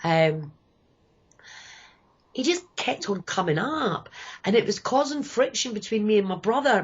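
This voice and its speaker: A woman's voice: on the high side, slightly rough, dull audio. A Scottish woman in her fifties, telling her life story candidly and rambling, often quoting people. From Scotland. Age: 50s. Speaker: guest. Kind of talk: personal storytelling.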